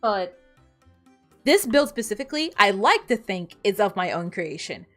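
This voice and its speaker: A woman's voice: medium pitch, sing-song, normal speed, fairly bright tone, soft background music. A woman streamer chatting casually while playing a game, rambling and laughing often. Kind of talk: casual gaming stream chat.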